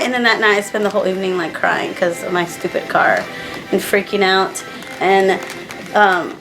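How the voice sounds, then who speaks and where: A woman's voice: mid-range voice, a little fast, a bit bright, soft background music, poor audio. A young woman chatting casually to camera, sad and stressed, rambling with fillers and restarts. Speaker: vlogger.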